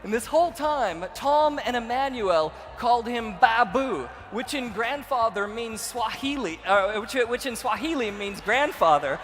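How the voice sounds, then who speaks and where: A young man giving a storytelling keynote speech to a conference audience in a large hall, going from quiet narration to shouted excitement. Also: very high voice, a little slow, hardly any pauses. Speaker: keynote speaker. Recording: reverberant hall with faint ambience.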